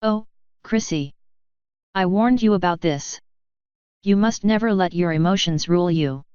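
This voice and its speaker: A woman's voice: on the low side, a little slow, darkish tone, clear, resonant tone, dry recording, dull audio, lightly acted. A woman voicing a changeling queen mother, soothing yet coldly ruthless, in a fanfiction audiobook reading.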